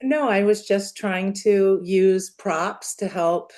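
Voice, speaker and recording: A woman guest on a podcast, telling stories in an animated, laughing way. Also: medium pitch, takes it slowly. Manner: animated storyteller, laughs often. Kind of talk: casual interview chat.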